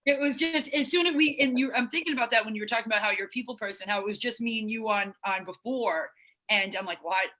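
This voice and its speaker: Woman hosting a zoom meeting, chatty, lots of ums, bright highish voice. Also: fast, rough recording. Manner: chatty, reads out viewer comments, many fillers. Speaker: host of an online recovery meeting. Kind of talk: casual hosting on a video call. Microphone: video call.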